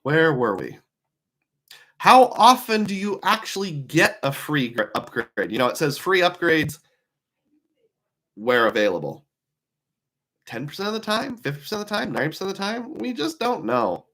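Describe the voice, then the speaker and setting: A man's voice: a little high, big pitch swings, moderate pace, long pauses, pushed and bright. A man giving a casual live talk to viewers on travel rewards, musing aloud and asking many rhetorical questions.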